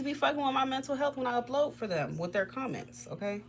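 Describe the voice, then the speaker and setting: A woman tarot reader chatting casually on a livestream, blunt and swearing freely, with frequent laughter and sudden high jumps in her voice. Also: animated, quick pace, a little hiss or hum.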